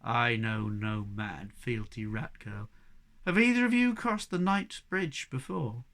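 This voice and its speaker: A cool, mysterious woman warrior from a storybook, as a man reading aloud puts her on. She speaks slowly and low, unhurried and faintly amused. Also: fairly bright tone.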